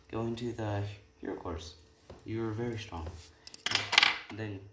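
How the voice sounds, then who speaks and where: A man's voice: lowish voice, reverberant. A young man casually making up and retelling a fan story, rambling with many restarts and asides. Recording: faint background noise.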